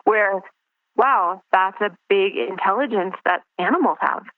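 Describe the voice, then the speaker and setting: A woman's voice: medium pitch, measured pace, dry recording. A woman guest talking reflectively in an interview, searching for words and restarting her sentences. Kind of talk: casual interview over the phone. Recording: tinny dry phone line.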